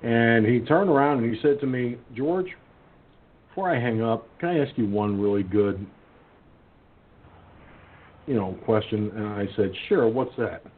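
A man's voice: medium pitch, normal speed. A man hosting a casual radio talk show, telling a rambling story full of restarts and acting out his friends' lines. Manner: rambling storyteller, many restarts and fillers, acts out quoted friends. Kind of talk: casual call-in radio chat. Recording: tinny phone-line sound.

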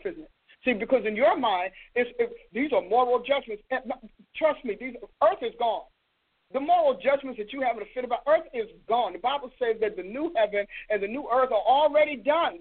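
A woman hosting a preaching broadcast, emphatic and scolding, with rhetorical questions. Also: fairly high pitch. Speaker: host and preacher. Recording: tinny phone-line sound.

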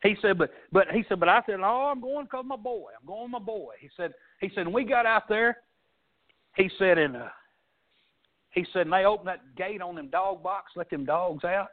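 A man preaching a sermon, telling folksy stories and swinging between loud and soft. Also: sits high, expressive, normal speed. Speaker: pastor. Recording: tinny phone-like sound.

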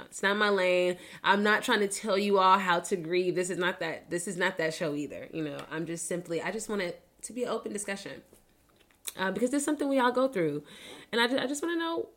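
A woman's voice: on the low side, fairly bright tone. A young woman hosting a casual solo podcast, talking candidly, swearing freely and laughing between serious moments. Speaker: podcast host.

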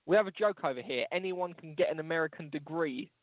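A man's voice: on the high side, fast, no room sound. A man co-hosting a comedy podcast, talking in a crude, mocking, rambling way. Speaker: co-host. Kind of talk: casual comedy podcast banter. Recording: dry, phone-like lo-fi sound.

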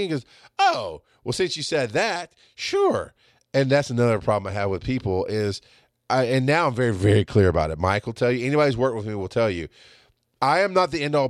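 A man in his late thirties talking in a casual podcast monologue, blunt and animated, swearing often. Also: mid-range voice, no room sound, clean studio sound. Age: 30s. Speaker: podcast host.

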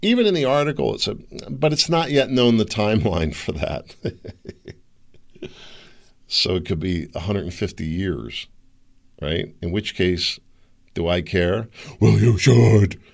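A man's voice: deep voice, expressive, measured pace, pauses often. A middle-aged man hosting a solo podcast, rambling and opinionated, with sarcastic asides. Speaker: podcast host.

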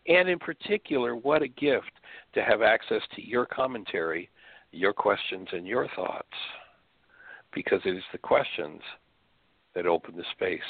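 A man's voice: fairly low pitch, creaky, breathy edge, dry recording. A man hosting a spiritual radio show, speaking earnestly from his bedroom over the phone, with rhetorical questions. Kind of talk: spiritual teaching talk. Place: bedroom at home. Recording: phone-line call audio, dry.

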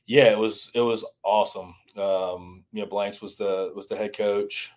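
Guest type: low monotone Southern man, chatty coach, rambles. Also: a little slow. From American South. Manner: rambling, many restarts and "you know"s. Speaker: former college baseball strength coach, guest. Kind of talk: casual podcast interview.

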